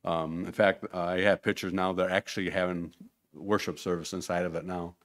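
Low-voiced man rambling at a podium. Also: little pitch movement, moderate pace, fairly bright tone. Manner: rambling, conversational, restarts often. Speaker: church mission speaker. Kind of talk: informal church presentation with slides. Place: church hall, at a podium.

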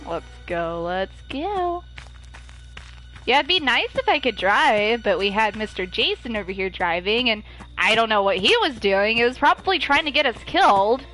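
Woman gamer, high and lively voice, panicky and quick to laugh, live play commentary over faint game music. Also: poor audio. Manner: excitable, panicky, laughs often. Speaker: gamer streaming with friends.

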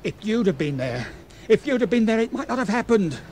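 Radio play: an uneasy chief steward, slightly high pitch, defensive tone. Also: male voice, very animated, fairly quick, a little mellow, slight background noise. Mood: accusing. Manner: defensive, accusing. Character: edgy, defensive male ship's chief steward.

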